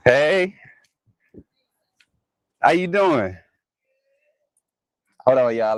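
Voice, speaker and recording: A man's voice: medium pitch, dry recording, poor audio. A man hosting a live sports talk stream, chatty and laughing often as he talks straight to his viewers. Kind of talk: casual live-stream chat.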